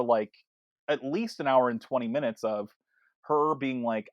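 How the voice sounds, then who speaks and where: A man co-hosting a casual film podcast, talking in an animated way with lots of stammered restarts and acted-out quotes. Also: a little high, fairly quick, no room sound. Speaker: podcast co-host.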